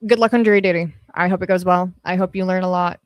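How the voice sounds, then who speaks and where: A woman's voice: on the low side, steady tone, fast, clear, resonant tone, dry recording. A woman hosting a livestream, chatting casually with her viewers, swearing freely and laughing often, speaking into a podcast mic on an arm at her home setup. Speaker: livestream host. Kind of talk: casual livestream chat reading comments. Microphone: podcast dynamic mic on an arm.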